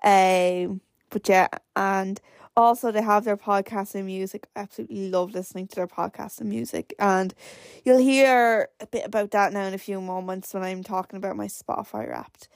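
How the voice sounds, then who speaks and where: This is a casual solo podcast from a nineteen-year-old Irish host, who rambles in a chatty way and leans heavily on "like." Her voice is mid-range and steady at a moderate pace, and the recording is dry with clean studio sound.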